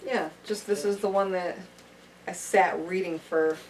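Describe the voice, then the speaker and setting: A woman guest in casual conversation, chatty and halting, with many fillers. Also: lowish voice, steady tone. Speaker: podcast guest. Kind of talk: casual chat. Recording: distant mic with faint room noise.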